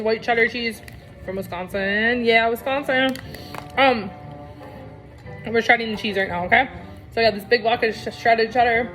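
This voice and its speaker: A woman's voice: fairly high pitch, moderate pace, pauses often, a bit bright, faint music behind. A middle-aged woman chatting casually to viewers while cooking in her home kitchen. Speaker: cooking vlogger.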